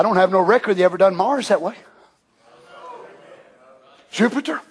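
An older man preaching a fervent sermon as pastor in a church, shouting at times and dropping to hushed tones. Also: high-pitched, normal speed, long pauses, breathy edge. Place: church sanctuary.

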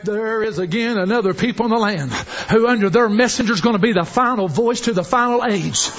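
A man preaching a sermon, fervent and often shouting, with repeated exhortations to the congregation. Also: sits high, fairly quick. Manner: fervent, shouting exhortation with call-and-response phrases. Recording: dull lo-fi recording.

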